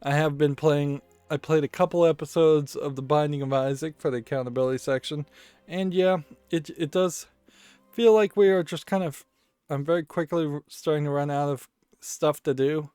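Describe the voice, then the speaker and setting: A man's voice: fairly high pitch, normal speed, mellow, smooth, no echo, faint music behind. A man giving casual commentary while playing a card game, rambling and thinking aloud and often correcting himself. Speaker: let's play host.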